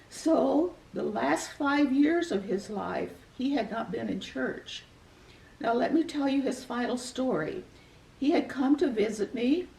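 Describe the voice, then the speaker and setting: Older woman, heartfelt storytelling, raspy low fry, roomy far-off recording. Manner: gentle, earnest, reflective. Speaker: guest sharing a personal testimony. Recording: echoey room, voice from far off the mic.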